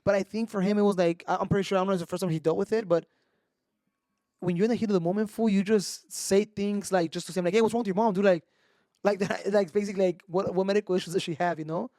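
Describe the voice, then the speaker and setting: A man cohosting a podcast, with a fairly high voice and a rapid delivery. He tells stories in an animated, unfiltered way and slips into Spanish. The sound is dry and close. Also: no echo. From Mexico. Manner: animated storytelling, swearing, mixing Spanish into English. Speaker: podcast co-host. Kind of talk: casual chat.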